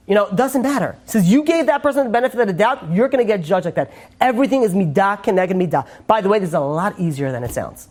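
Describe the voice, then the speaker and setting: A man giving a Torah class as a rabbi, quoting Hebrew verses and translating them, with joking asides to his listeners. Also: high-pitched. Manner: animated, joking asides, quick Hebrew quotes then translating.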